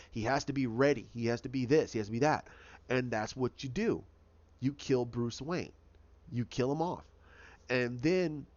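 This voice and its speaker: A man's voice: medium pitch, darkish tone, lo-fi sound. A man giving a casual, rambling recap of a TV episode, often repeating himself and restarting his sentences. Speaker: show recap host.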